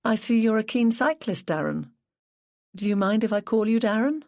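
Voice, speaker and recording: A narrator voicing a patient woman detective who asks polite, gently persistent questions. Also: on the high side, animated, moderate pace, dry recording, studio quality, pitched above the performer's own voice. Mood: probing. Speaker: police detective.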